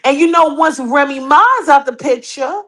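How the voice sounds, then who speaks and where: A woman's voice: sits high, animated, moderate pace, a bit bright. A woman hosting a casual celebrity gossip podcast, brash and teasing, who keeps tossing out a questioning "huh?". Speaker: podcast host.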